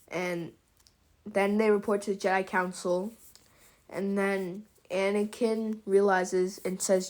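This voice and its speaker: A woman's voice: medium pitch, steady tone, slow pace. A woman casually retelling a fan what-if story for her channel, chatty and rambling, with fillers and restarts. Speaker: YouTube storyteller.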